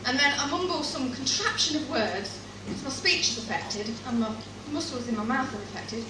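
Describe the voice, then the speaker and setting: A woman with a high voice tells a funny, self-mocking live stand-up testimony. She sounds some way from the mic in an echoey coffee shop, with loud background noise all around her. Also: animated, normal speed, distant mic. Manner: humorous, self-mocking storytelling. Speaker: stand-up performer. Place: coffee shop performance space.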